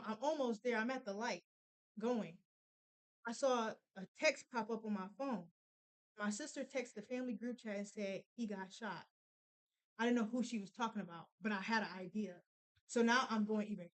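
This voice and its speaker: Young woman w/ aave recounting something rough, lots of ums and restarts, clean smooth tone. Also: mid-range voice, poor audio. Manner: emotional, halting, many fillers and restarts. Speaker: podcast guest telling a personal story. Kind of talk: casual storytelling.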